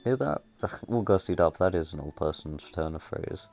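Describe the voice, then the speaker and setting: Gravelly low-voiced male streamer. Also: lively intonation, normal speed, darkish tone. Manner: jokey, laughs often, rambling. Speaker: game streamer. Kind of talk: casual let's-play commentary.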